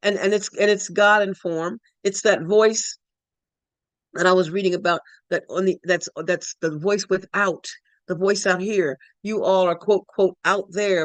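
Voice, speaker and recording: A woman's voice: medium pitch, fairly even intonation, measured pace, no room sound. Effusive woman in spiritual reflection. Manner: effusive, repeats words and phrases. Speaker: spiritual study group leader. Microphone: online call.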